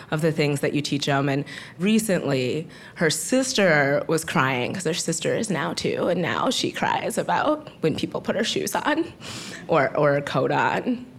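A woman in her thirties, originally from Wisconsin, tells a personal story at an open mic. She keeps it chatty and breaks into laughs between phrases, in a voice that sits a little low. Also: a little hiss or hum.

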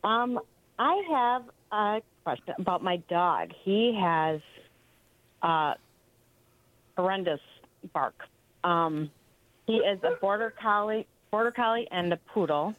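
A woman's voice: mid-range voice, expressive, takes it slowly, long pauses, no room sound. A woman calling a radio show to ask about her dog, speaking hesitantly with lots of fillers. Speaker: caller. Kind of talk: phone-in question. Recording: tinny phone line.

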